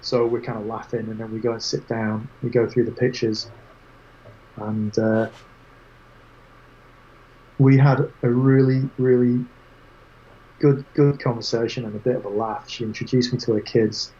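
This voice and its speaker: A man as an interview guest, telling lively anecdotes with quoted voices in casual chat. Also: medium pitch, a little slow, long pauses, lo-fi sound, slight background noise. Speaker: guest photographer.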